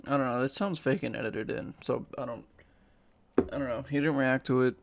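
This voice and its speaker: A man's voice: medium pitch, a little fast, creaky, background noise. A tired man giving casual, sarcastic and profane reaction commentary, rambling as he goes. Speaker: YouTuber reacting to videos.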